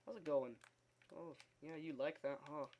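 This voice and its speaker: A man's voice: a little high, fairly even intonation, moderate pace, lo-fi sound, noisy background, close to an everyday voice. A man voicing a group of swaggering game spiders who taunt the player in a mock-friendly, teasing way.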